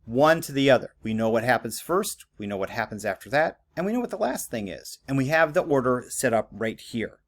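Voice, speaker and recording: A man's voice: medium pitch, very animated, brisk, hardly any pauses. A man teaching writing in a conversational lecture, with many fillers and frequent "okay?" checks. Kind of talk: recorded classroom lecture.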